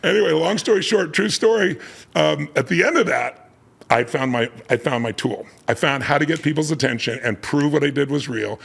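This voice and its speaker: A man's voice: on the high side, animated, normal speed, gravelly, a bit bright, husky. A man telling a story emphatically as a guest in a casual conversation, laughing often as he talks.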